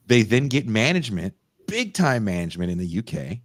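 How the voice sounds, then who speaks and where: Low-voiced man telling a rambling story. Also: fairly quick, no echo. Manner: profane, rambling, animated storyteller. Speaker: podcast host. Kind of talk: casual storytelling chat.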